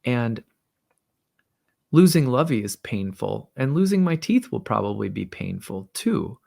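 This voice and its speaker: An earnest, curious six-year-old girl full of wondering questions, put on by a man telling a story. The voice stays mid-pitched with a gravelly rasp underneath. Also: very animated, measured pace, dark tone, exaggerated voice.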